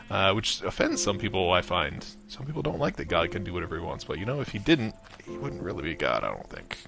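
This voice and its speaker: A man casually chatting and loosely retelling a story while playing a video game, with excited outbursts at enemies. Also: deep voice, fairly quick, vocal fry, music in the background. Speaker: gaming video host. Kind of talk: casual gameplay commentary.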